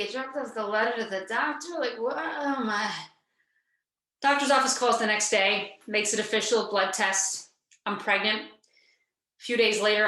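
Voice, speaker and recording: Bright-voiced woman telling a funny story. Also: mid-range voice. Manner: lively, acts out dialogue with quick asides. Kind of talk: humorous personal storytelling. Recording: echoey room sound.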